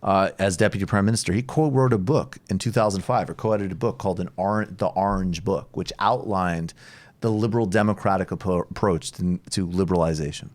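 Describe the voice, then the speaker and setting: Man, low voice, political podcast host, loose digressive delivery. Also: brisk, a little mellow. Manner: loose, digressive, lots of "like" fillers. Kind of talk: political commentary chat.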